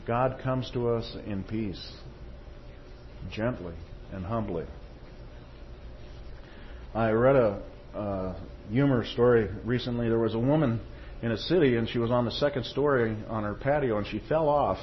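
A man's voice: medium pitch, moderate pace. A man delivers a sermon in a storytelling way, moving between quotations and anecdotes. He checks in with his listeners as he goes. The recording sounds a bit dull, with a faint hum of noise underneath. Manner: storytelling, frequent "okay?" and "Amen?" check-ins. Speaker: preacher.

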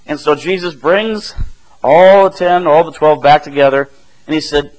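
Male preacher, fairly high voice, casual sermon, keeps asking "right?". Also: normal speed, low-quality recording. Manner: conversational, chuckling, asks "right?" often.

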